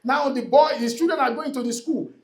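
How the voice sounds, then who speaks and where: A man's voice: very high-pitched, fairly quick, creaky. A man giving a motivational talk to a live audience at a real estate event. He is emphatic and repetitive and often calls out to the crowd. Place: event hall before an audience.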